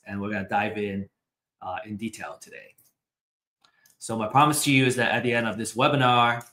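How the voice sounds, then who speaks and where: A man's voice: mid-range voice, fairly bright tone. A man giving a live real estate webinar presentation, talking hesitantly with many fillers. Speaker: webinar speaker. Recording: roomy echo.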